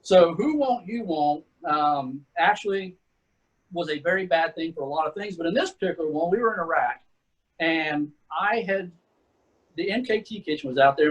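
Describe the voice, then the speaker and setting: With a voice on the high side, a bit bright and a little fast, a middle-aged Texan guest recalls his war experiences as a retired Army sergeant first class. His storytelling is relaxed, peppered with "man" and "dude", over a low-quality recording.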